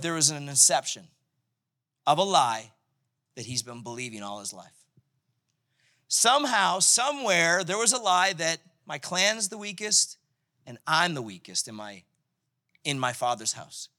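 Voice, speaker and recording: A man preaching a sermon in a conversational, animated way, acting out the scripture as he goes. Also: fairly high pitch, measured pace, long pauses. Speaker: pastor.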